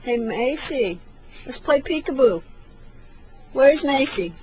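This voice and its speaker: A woman's voice: sits high, expressive, slow, long pauses, a little mellow, poor audio. A mother in her thirties plays with her toddler at home, reading a picture book in a playful sing-song voice with animal noises and laughter, recorded on a camcorder. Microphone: built-in camcorder mic.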